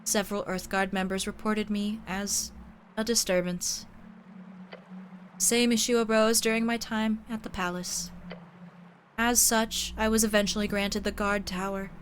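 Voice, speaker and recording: A woman reading a game's lines as a cold, formal female angel who speaks in a flat, emotionless way. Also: mid-range voice, a little slow, a little hiss or hum, natural voice. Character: cold monotone female angel, creature of light. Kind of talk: reading game dialogue aloud.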